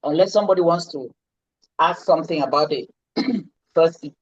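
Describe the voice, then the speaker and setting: A woman's voice: low voice, moderate pace, slightly rough, dry recording, highs cut off. A woman coaching public speaking in a live online lesson, stressing and repeating her key words. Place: indoors, seated.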